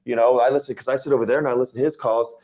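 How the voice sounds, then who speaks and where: A fast-talking man chatting casually, lively and quick to slip into playful impressions. His voice sits at a middle pitch and keeps moving. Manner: fast-talking, animated, quick to imitate others. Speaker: Medicare sales agent. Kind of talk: casual chat.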